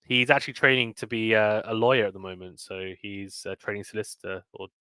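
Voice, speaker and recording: A man with a British accent hosting a live tennis play-by-play stream, chatting casually and reading viewer comments between points, then calling each point with rising excitement. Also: fairly low pitch, fairly quick, clear, resonant tone, dry recording.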